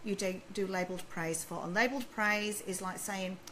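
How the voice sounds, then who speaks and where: A woman's voice: medium pitch, moderate pace, sharp tone, a little hiss or hum, low-quality recording. A woman who works as a baby sleep consultant, answering viewers' questions in a chatty, reassuring way on a live video stream. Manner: reads questions aloud and advises in a chatty, reassuring way.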